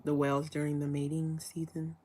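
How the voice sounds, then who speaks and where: A woman from Chicago hosts a relaxed live chat with her viewers, her voice sitting a little low for a woman. She talks in a loose, chatty way and asks winding questions full of restarts and fillers. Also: fairly quick. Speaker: livestream host.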